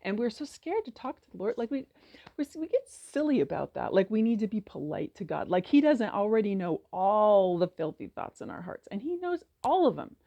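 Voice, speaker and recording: Gravelly lady musing about faith, mellow tone, lots of um and like, talks on and on. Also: mid-range voice, very animated, moderate pace. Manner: earnest, rambling, many fillers and restarts; acts out prayers in a raised, heated voice. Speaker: podcast host. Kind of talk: casual faith reflection.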